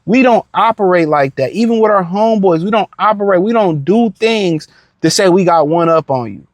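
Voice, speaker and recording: A man with a high voice talks through a casual reaction rant. He is blunt and profane, and he circles back with slang and filler words. The sound is dry and close, with no room echo. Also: expressive, normal speed. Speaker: commentator reacting to a clip.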